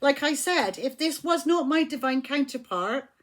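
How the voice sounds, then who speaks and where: A woman's voice: high voice, animated, normal speed, slight background noise. A woman giving a casual tarot reading, blunt and emphatic, swearing when riled. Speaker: tarot reader.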